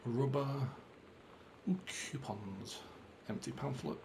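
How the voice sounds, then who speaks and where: A man's voice: medium pitch, takes it slowly, vocal fry, background noise. A man giving a chatty, self-mocking running commentary as he plays through a video game. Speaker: gaming channel host. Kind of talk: let's play commentary.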